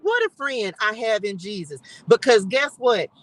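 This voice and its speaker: A woman's voice: fairly high pitch, big pitch swings, moderate pace, a bit bright, no echo, rough recording. A woman hosting a live stream from her car, giving fervent, repetitive faith encouragement with bursts of laughter. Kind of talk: casual spiritual encouragement talk. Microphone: live-stream device mic.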